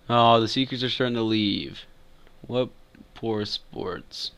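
A man giving relaxed gameplay commentary, often mumbling to himself. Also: medium pitch, takes it slowly, smooth. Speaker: gamer.

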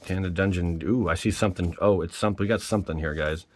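A man hosting his own channel, giving casual, excitable commentary while opening card packs and exclaiming at each pull. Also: deep voice, fast talker. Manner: peppers speech with mild swears.

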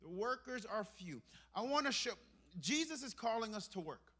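A man from Brooklyn, New York, in his thirties, preaching a sermon in a church and swinging between hushed, intimate moments and emphatic ones. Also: high voice, very animated, moderate pace. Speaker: pastor. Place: church sanctuary.

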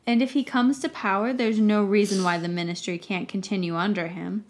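A woman's voice: mid-range voice, steady tone, lightly acted. Trembling, nervous wizard minister, voiced by a woman. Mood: nervous bluster. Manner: speaks quickly, hiding nerves. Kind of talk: dramatic audiobook-style reading.

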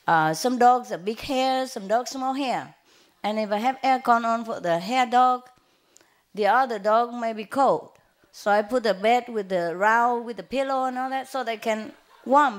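A woman spiritual teacher giving an informal talk, chatty and rambling, telling personal stories and laughing often. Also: a little high. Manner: rambling with frequent fillers and restarts. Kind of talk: informal lecture with personal anecdotes.

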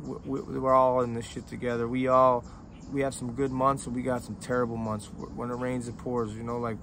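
A middle-aged man, an independent rapper, talking straight to his fans in a heartfelt, rambling way, emotional and profane, often halting and restarting. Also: medium pitch, flat delivery, noisy background. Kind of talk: heartfelt, rambling direct-to-camera talk.

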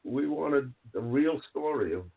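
Rambling podcast host on a phone line. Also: male voice, medium pitch, animated, unhurried, gravelly. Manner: rambling, filler-heavy, earnest. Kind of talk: casual chat. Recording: phone-like narrow sound.

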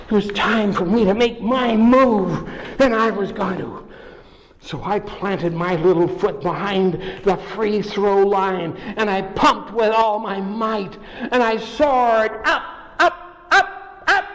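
A man narrating a children's story in the first person, playful and animated, with sound effects. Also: high-pitched, big-room sound.

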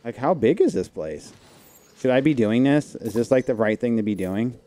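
A man chatting casually and slangily while playing a video game, thinking out loud. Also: medium pitch, sing-song, normal speed. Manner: chatty, slangy, says dude and like a lot. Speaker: gamer playing on stream. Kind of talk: casual gameplay commentary. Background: faint game music.

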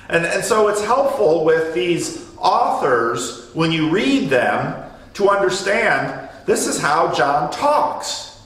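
A man's voice: sits high, expressive, a little slow, fairly bright tone. A man leading a Bible study in a church meeting room, explaining a passage in a chatty way and often restarting his phrases. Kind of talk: conversational Bible teaching. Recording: echoey room, mic from a distance.

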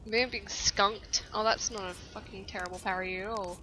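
A young woman giving casual, profane let's-play commentary, reacting loudly and insulting her own game character. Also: medium pitch, fairly even intonation, moderate pace, a little hiss or hum. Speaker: gameplay commentator.

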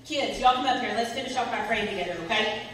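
A woman leading an animated children's message in a church service, directing the kids aloud. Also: a little high, fast. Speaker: children's ministry leader. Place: church sanctuary. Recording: echoey hall, distant mic, background noise.

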